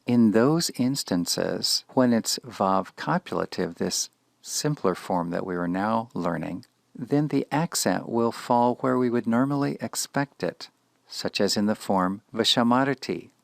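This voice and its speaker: A man teaching Biblical Hebrew grammar in a scripted lecture, speaking in a measured, deliberate way with precise enunciation. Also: on the low side, animated, creaky, dry recording, studio quality.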